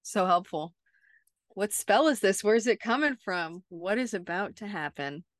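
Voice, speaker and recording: A woman's voice: medium pitch, animated, a little slow, no echo, studio quality. A woman co-hosting a podcast, recapping a TV episode in a chatty, casual way with lots of "like". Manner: chatty, peppers speech with "like". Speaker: podcast co-host.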